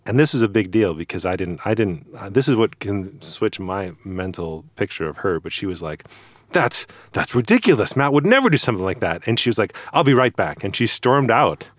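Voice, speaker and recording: A young man retelling a school memory in casual chat, halting and repeating words. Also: fairly low pitch, no echo, studio quality. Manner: halting, repeating words, animated when quoting. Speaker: friend recalling shared school days.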